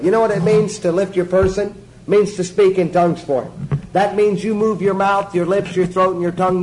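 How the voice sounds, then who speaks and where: A man's voice: sits high, fairly even intonation, fairly quick, darkish tone, a little hiss or hum, low-quality recording. A man giving a sermon-style teaching to a small group, emphatic and joking, repeating his instructions.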